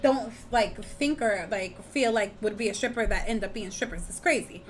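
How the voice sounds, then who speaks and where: A woman's voice: mid-range voice, normal speed. A young woman co-hosting a podcast, telling a story in casual chat and acting out what people said. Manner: animated storytelling, acts out quotes loudly. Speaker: podcast co-host.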